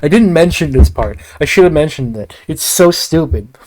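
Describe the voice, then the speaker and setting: A man's voice: a little high, animated, moderate pace, a little mellow. A man rambling casually through a film review, swearing often and breaking off into asides. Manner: rambling, profane, frequent restarts and asides.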